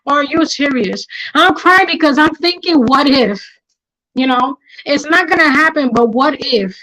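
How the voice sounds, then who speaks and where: A middle-aged woman's high, bright, forceful voice carries lively intonation at an unhurried pace over poor audio. Hosting a livestream, she speaks with anger and passion, repeating herself for emphasis in emotional talk.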